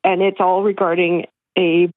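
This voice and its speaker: A woman's voice: fairly low pitch, little pitch movement, normal speed, no echo. Hesitant woman caller on a phone line. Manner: hesitant, many fillers, laughs easily. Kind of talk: call-in question. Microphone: telephone.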